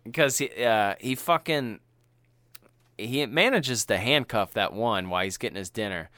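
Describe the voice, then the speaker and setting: Animated, cursing podcast co-host man. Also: lowish voice, moderate pace, dry recording, studio quality. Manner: animated, profane, slangy. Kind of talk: casual chat.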